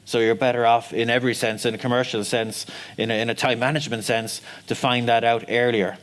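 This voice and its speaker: A man talks on a seminar panel at a middle pitch. He is conversational and leans on "you know" fillers as he thinks aloud. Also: level tone, a little fast, fairly bright tone.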